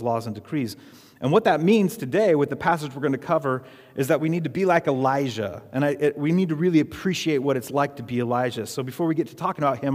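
A man's voice: medium pitch, darkish tone. A man preaching a sermon as pastor, emphatic and repetitive, leading the congregation in call-and-response. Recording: reverberant hall.

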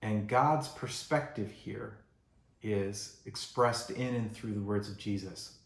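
A male pastor preaching a sermon in a relaxed, conversational way, acting out the voices he quotes. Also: on the low side, takes it slowly, vocal fry, echoey room. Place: church sanctuary.

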